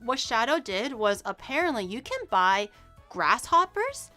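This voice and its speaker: A woman VTuber chatting casually on a live stream, her voice bright and a little high. She rambles, giggles often and restarts her sentences. Soft music plays faintly under her talk. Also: big pitch swings, unhurried.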